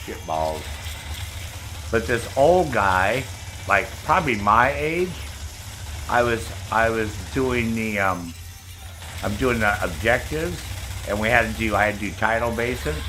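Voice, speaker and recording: A man's voice: lowish voice, a little slow, background noise. An older man hosting a live stream, telling rambling stories in a casual, heavily profane way. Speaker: streamer host.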